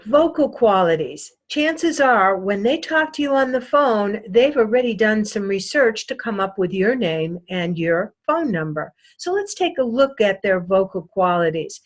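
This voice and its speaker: Slow, deliberate woman sales trainer. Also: medium pitch, animated. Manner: slow, deliberate lecturing with emphatic repetition. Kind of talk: recorded sales lesson.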